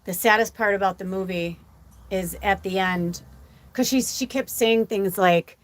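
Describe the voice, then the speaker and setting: A woman's voice: medium pitch, measured pace. Emotional rambling woman medium. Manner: rambling, heavy use of "like" fillers; emotional, close to tears. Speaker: psychic medium. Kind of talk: casual livestream storytelling.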